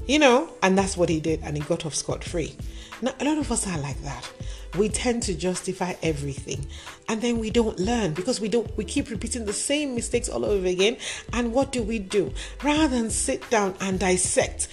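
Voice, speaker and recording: A woman's voice: mid-range voice, lively intonation, fairly quick, darkish tone. A woman telling moral stories in a talk, emphatic and asking rhetorical questions. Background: background music.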